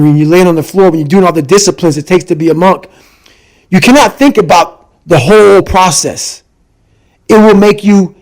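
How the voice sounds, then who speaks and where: Guy with a highish voice, intense, keeps repeating himself to hammer the point, guest on a podcast. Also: rough recording. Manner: emphatic and repetitive, hammering points home. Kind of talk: intense personal storytelling in conversation.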